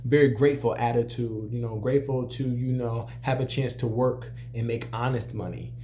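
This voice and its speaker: A man's voice: mid-range voice, normal speed, dark tone, slight background noise. A young adult man who works as a cook, casually telling a personal story in a conversational way, with many "you know" fillers. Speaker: restaurant cook.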